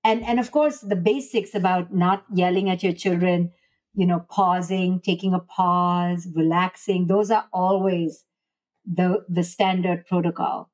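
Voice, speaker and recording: A woman's voice: lowish voice, fairly even intonation, unhurried, darkish tone. Earnest woman explaining parenting advice. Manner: earnest, acts out parent-child dialogue in quotes. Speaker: clinical psychologist and author, podcast guest. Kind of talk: interview answers, explaining advice.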